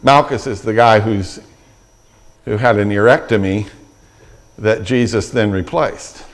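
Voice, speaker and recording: A man's voice: on the low side, measured pace. A middle-aged man preaching a sermon as pastor, retelling scripture with vivid, acted-out quotes and frequent restarts.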